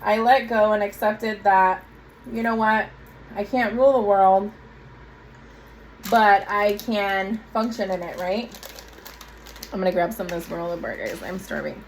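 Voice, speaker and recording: A woman's voice: medium pitch, unhurried, pauses often, slight background noise, poor audio. A woman giving a casual tarot reading to her viewers, chatty and direct, with frequent asides. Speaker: tarot reader.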